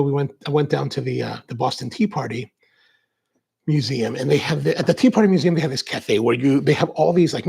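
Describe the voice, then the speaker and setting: A man's voice: medium pitch, gravelly, darkish tone, husky. A man hosting a coffee livestream, chatting casually and reading out viewer comments in a rambling, chatty way. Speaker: coffee show host.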